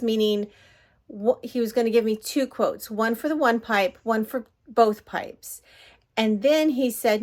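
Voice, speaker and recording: A woman's voice: on the high side, moderate pace. A middle-aged woman vlogging casually into a handheld phone, rambling and apologizing as she vents about an irritating episode. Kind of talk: casual vlog chat. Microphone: handheld phone at arm's length.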